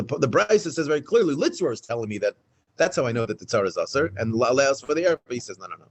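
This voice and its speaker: Fast, animated man teaching Talmud. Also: mid-range voice, low-quality recording. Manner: animated, restates points, fast and emphatic. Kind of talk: Daf Yomi Talmud class. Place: synagogue study hall, in front of a small class.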